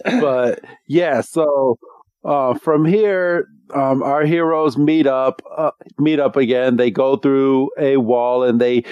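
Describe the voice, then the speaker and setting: A man's voice: mid-range voice, steady tone, slow, darkish tone, clear, resonant tone, no room sound, lo-fi sound. A man co-hosting a podcast, recapping an episode in casual chat, rambling and laughing as he slips into voices. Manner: rambling, laughs often, breaks into character voices.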